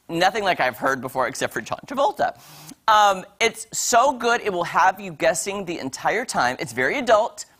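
A woman on a morning TV show chatting about series she has watched, gushing and animated, full of quick asides. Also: low voice. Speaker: entertainment reviewer on a morning show. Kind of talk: casual TV review chat.

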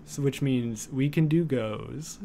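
Slow, easygoing male streamer rambling. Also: mid-range voice, creaky, slight background noise. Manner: rambling, filler-heavy, coos softly at his cat. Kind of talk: casual live-stream chat. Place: home streaming setup.

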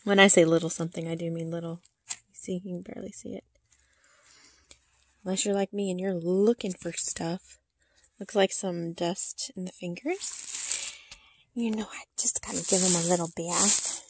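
A woman's voice: on the low side, steady tone, normal speed, long pauses, husky. A woman unboxing a reborn doll on her channel, talking in a cooing baby-talk way and giggling often. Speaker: reborn doll collector and vlogger. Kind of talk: casual unboxing chat.

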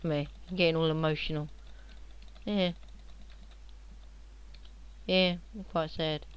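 A young man, rambling and joking as he narrates his own computer game, now and then shouting at enemies. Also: on the high side, steady tone, slow pace, clear, resonant tone, lo-fi sound. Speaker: gamer playing on video. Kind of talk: casual game commentary.

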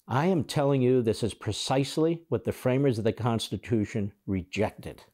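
A man's voice: mid-range voice, moderate pace, few pauses, warm tone. A man hosting a political commentary show, reacting to clips in a sarcastic, indignant monologue.

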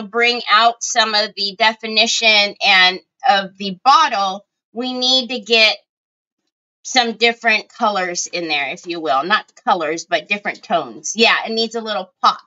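Slow-talking bright chatty woman. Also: a little high. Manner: chatty, greets viewers by name. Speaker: craft livestream host. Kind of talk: casual live-stream chat. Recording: dull lo-fi home stream audio.

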